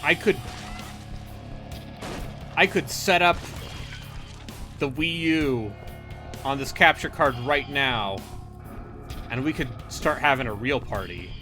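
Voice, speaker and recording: A playful man jokes his way through a live game stream. His voice sits at an ordinary pitch, and loud game music plays underneath him. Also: slow, long pauses. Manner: joking, playful. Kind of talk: casual chat while streaming a game.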